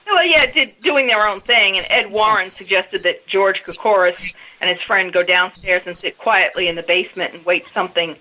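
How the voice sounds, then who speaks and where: Woman on a radio chat telling her story bit by bit, bright tense voice. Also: mid-range voice, normal speed, hardly any pauses, poor audio. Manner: storytelling, recounting events step by step. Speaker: guest. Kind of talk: casual radio interview.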